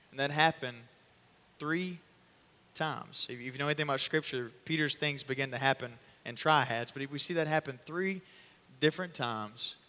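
A man preaching a sermon, telling the story in an animated way and acting out the voices. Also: mid-range voice, long reverb tail.

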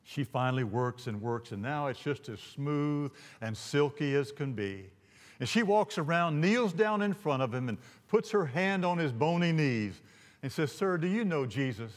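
A male pastor telling a story from the pulpit, animated and rambling, often restarting his sentences. His voice sits a little high for a man, and the long reverb of a large hall trails after each phrase. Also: unhurried. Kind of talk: sermon storytelling.

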